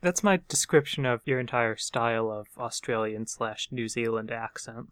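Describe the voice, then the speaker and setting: A man's voice: medium pitch, moderate pace, fairly bright tone, clear, resonant tone, no room sound. A man co-hosting a podcast in casual chat, with a dry, wry manner. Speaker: podcast co-host.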